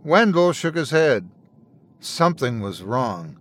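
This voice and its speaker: A man's voice: a little high, lively intonation, unhurried. Man narrating a somber horror tale. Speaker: storyteller, podcast host.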